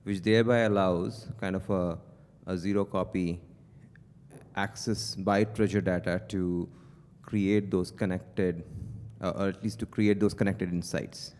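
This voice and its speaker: A man's voice: deep voice, fairly even intonation, measured pace, a little mellow. A man in a conference audience asks a question, hesitating and restarting as he thinks aloud. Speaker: audience member asking a question. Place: conference hall. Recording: long hall reverb.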